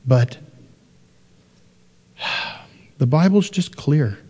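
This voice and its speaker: A middle-aged man preaching a sermon, animated and joking, who mimics parents in a soft sing-song voice. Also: medium pitch, extremely slow, husky. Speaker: pastor. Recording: long hall reverb.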